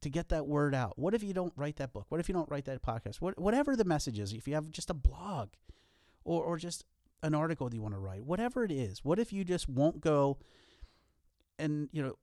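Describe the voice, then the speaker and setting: Man, animated intonation, dry close sound, earnest motivational podcast chat, wry jokes. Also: a little high, dry recording. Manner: earnest, lively, self-deprecating jokes. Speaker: podcast co-host. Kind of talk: casual motivational podcast talk.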